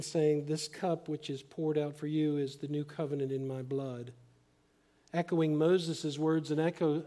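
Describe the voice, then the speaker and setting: A middle-aged man preaching a sermon as pastor, earnest and emphatic, often dropping to a hushed, slow delivery. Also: a little high.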